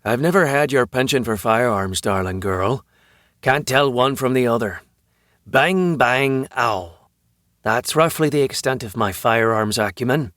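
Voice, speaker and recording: A man voicing a huge, easygoing vampire husband in an audiobook, with casual, deadpan quips. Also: mid-range voice, unhurried, no echo, studio quality, natural voice.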